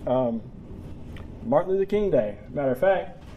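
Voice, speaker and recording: A man's voice: on the high side, lively intonation, moderate pace, highs cut off, slight background noise. Emotional man telling a personal story. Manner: emotional, tearing up, laughing between lines. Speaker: public speaker. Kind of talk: personal talk to a live audience. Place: room with an audience.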